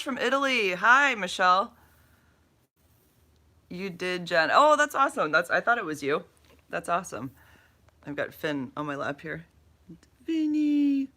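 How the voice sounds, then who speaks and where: A woman's voice: on the low side, bright, forceful tone. A woman chatting casually on a live stream from her bed, drowsy and dopey from medication, rambling and tripping over her words as she reads comments. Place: in bed at home.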